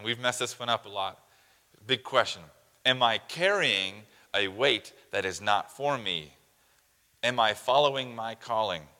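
Preacher, male, earnest and questioning, lowish bright voice, reverberant church hall. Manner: earnest, asks the listeners direct questions. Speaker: pastor. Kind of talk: sermon.

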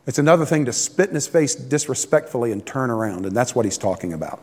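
A man's voice: fairly high pitch, expressive, fast talker, few pauses. A man preaching a sermon as a pastor, folksy and joking, acting out complaining voices. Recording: echoey hall.

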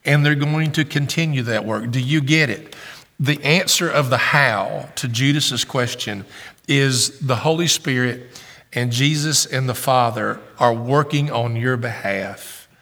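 A man's voice: medium pitch, a little slow, fairly bright tone, long reverb tail. A man preaching a sermon as pastor, earnest and questioning, often repeating his phrases.

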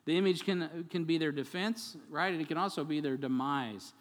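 A man preaching a sermon as pastor, animated and conversational, acting out quotes and adding asides to the congregation. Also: on the high side, normal speed, long reverb tail. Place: church sanctuary.

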